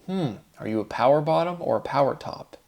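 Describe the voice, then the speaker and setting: A man giving a rambling solo monologue, posing rhetorical questions to himself and dwelling on wordplay, slowing right down as he asks them. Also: on the high side, lively intonation, gravelly, a little mellow. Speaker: solo lecturer. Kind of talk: solo spoken monologue on word theory.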